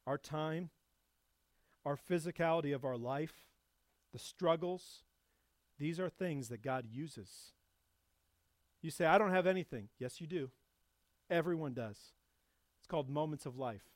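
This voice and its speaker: A male pastor delivering a sermon with a fairly high voice. He swells into loud, emphatic stretches and then sinks into quiet, low reflection. The sound is close and dry. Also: unhurried, long pauses, dry recording. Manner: builds to loud emphatic preaching, then drops soft and low.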